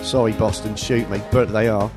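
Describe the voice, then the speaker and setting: A man's voice: fairly low pitch, fairly even intonation, moderate pace, music in the background. A man hosting an internet radio show, chatting and joking in a self-mocking way. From Scunthorpe, England. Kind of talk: casual chat on a radio show.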